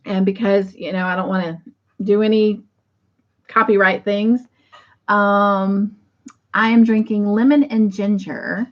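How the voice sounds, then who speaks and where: A woman's voice: medium pitch, fairly even intonation, a little slow, pauses often, dull audio. Bubbly woman hosting a crochet livestream. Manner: chatty and bubbly, laughs often. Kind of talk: casual chat to live viewers.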